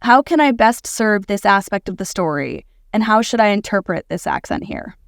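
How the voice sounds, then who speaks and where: A woman's voice: mid-range voice, animated, moderate pace, vocal fry, dry recording. Woman co-host on a dry close mic. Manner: conversational, sets up questions. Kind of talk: casual podcast chat.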